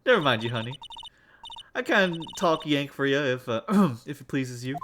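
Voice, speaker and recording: A streamer voicing a loud young Southern woman photographer, drawling and stumbling over long lines, with game music behind. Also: medium pitch, lively intonation, moderate pace, background noise, natural voice. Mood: friendly.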